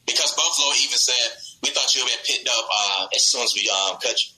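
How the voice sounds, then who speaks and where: A young man, a football player, telling his story in a radio interview with animated laughter. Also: medium pitch, fast, poor audio.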